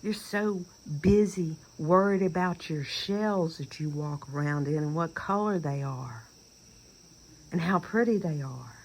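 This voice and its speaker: Speaking in a low, slightly mellow voice with a Southern accent, a middle-aged woman rants through a rambling personal monologue, emphatic but sometimes sinking almost to a whisper. The audio is poor, with slight background noise.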